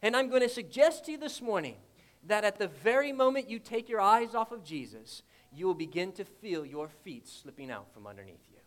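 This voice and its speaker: A man preaching a sermon, who retells a scripture story vividly and asks the congregation rhetorical questions, moving from loud declarations to hushed asides. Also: high-pitched, sing-song, fairly quick.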